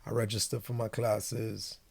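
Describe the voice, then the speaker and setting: Man from Trinidad and Tobago, low gravelly voice, earnest storyteller, interview guest. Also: flat delivery, measured pace, a little mellow. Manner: earnest storytelling, acts out his own past words. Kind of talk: personal testimony in conversation.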